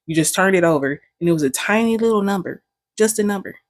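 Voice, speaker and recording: A woman's voice: medium pitch, expressive, fast, no echo. A young woman vlogging, telling stories in a candid, joking way full of profanity. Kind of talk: casual storytelling.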